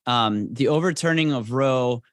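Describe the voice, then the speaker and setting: A man explains events at a measured pace, stopping for small fillers. The sound is dry and close, with no room echo. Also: medium pitch, fairly bright tone. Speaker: guest, attorney and radio host. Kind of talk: casual talk.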